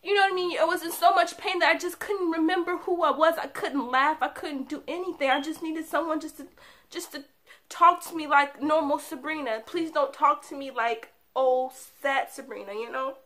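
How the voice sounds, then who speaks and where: A young woman talks straight to her viewers in a bright, fairly high voice and shares a hard personal story. She sounds candid and confiding, and laughs between the sad moments. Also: moderate pace. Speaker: vlogger.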